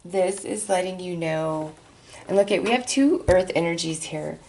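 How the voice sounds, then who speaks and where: A woman's voice: fairly low pitch, moderate pace, a little mellow. A woman giving an encouraging tarot reading, speaking directly and soothingly to her viewers. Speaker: tarot reader.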